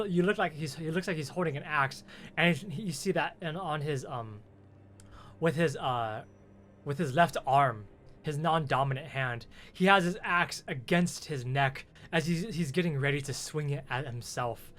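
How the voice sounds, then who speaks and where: A man's voice: on the high side, a bit bright. Man narrating a tabletop game. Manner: halting, restarting descriptive narration. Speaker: game master.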